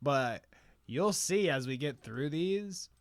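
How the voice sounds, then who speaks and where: A young man co-hosting a casual podcast, telling stories quickly and laughing often. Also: on the high side, expressive, no echo. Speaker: podcast co-host. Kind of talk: casual chat.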